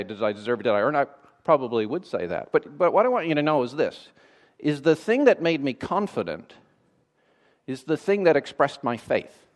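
A man preaching a sermon in a conversational way, with dry sarcastic asides. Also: mid-range voice.

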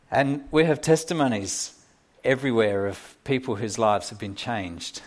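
A man preaching a sermon in a conversational way, with small fillers and restarts. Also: medium pitch.

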